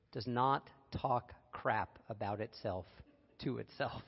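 A man gives an earnest, personal sermon in a conversational tone, with the odd wry aside. His voice sits at an ordinary middle pitch. The recording is a little dull and carries the long reverb of a large hall. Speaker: speaker giving a reflective talk.

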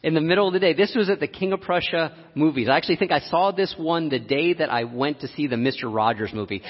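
A man preaching a sermon, telling a personal story with frequent laughs and an animated delivery. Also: on the high side, fast, few pauses. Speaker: pastor. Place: church sanctuary. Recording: dull lo-fi audio, long hall reverb.

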